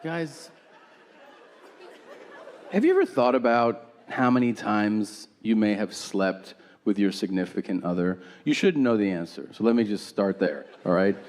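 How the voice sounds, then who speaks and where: A man's voice: lowish voice, expressive, a little slow, darkish tone, a faint crowd. A man doing a stand-up comedy set, telling a story with acted-out dialogue and crude punchlines. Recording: live venue with audience laughter noise. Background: audience laughter.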